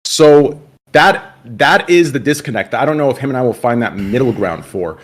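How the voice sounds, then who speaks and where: Guy explaining himself casual, lots of you know and right, middle pitch. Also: lively intonation, moderate pace, husky. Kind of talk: conversational clip commentary.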